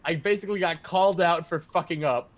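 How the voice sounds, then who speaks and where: A man's voice: a little high, a little fast. A man streaming, telling stories in a casual, profane, laughing way.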